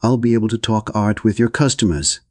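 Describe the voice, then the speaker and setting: A man's voice: lowish voice, brisk, a little mellow, dry recording, clean studio sound, pitched above the performer's own voice, natural voice. A man voicing a teasing young woman in an audiobook. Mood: playful teasing. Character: playful young woman, quick-witted lover.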